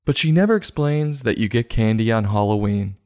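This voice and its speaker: A man hosting a comic book review show, delivering mock-serious, sarcastic commentary in a deadpan way. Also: on the low side, brisk, smooth. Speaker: host.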